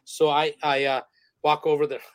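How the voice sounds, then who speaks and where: A man tells a loose story as a podcast guest, rambling through fillers and restarts and breaking into laughs. His voice is a bit high for a man. The sound is close and dry. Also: little pitch movement, normal speed, no room sound. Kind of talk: casual interview storytelling.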